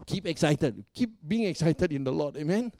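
A high-voiced male pastor preaching with excitable energy and playful jokes. He keeps calling out to the congregation for a response. His voice sounds close and dry, with little room around it. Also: moderate pace, dry recording. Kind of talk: sermon.

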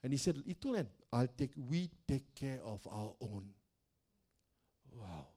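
An older man, a pastor, telling stories in a sermon in a loud, animated way, often laughing and acting out the voices of the people he quotes. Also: mid-range voice, unhurried, husky. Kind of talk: sermon storytelling.

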